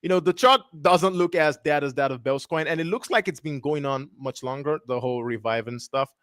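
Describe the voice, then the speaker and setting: A man's voice: on the high side, a bit bright, no room sound, studio quality. Rambling young man reviewing crypto. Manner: rambling, self-correcting, reads text aloud haltingly. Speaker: crypto livestream host. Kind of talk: casual thinking-aloud screen review.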